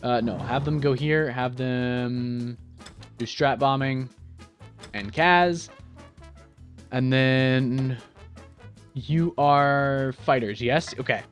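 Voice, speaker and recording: A man hosting a gaming video, commenting on strategy gameplay in an excitable, jokey, self-mocking way. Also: medium pitch, very slow, long pauses, faint music behind. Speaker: gaming channel host.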